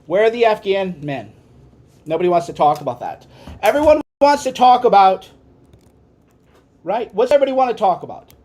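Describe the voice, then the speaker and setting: A man hosting a podcast, giving an impassioned ranting monologue that swings from quiet musing to shouting. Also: high voice, expressive, normal speed, pauses often. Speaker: podcast host.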